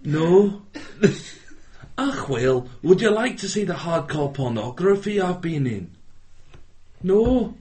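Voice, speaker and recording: A man voicing a jokey male knitting-show host in a deliberately bad fake Scottish accent. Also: sits high, sing-song, mellow, pitched above the performer's own voice, full character voice. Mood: cheeky. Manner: jokey, crude, laughing. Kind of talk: comedic improv bit.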